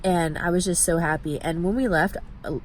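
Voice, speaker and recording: A woman vlogging from a shopping mall, telling a story in a chatty, animated way with many "like" fillers. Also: fairly low pitch, moderate pace, slight background noise. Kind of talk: casual storytime chat.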